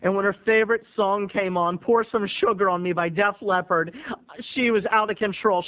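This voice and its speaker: A man telling a comic personal story to viewers in an animated way, addressing them directly. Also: high voice, normal speed. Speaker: video blogger. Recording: tinny phone-like audio.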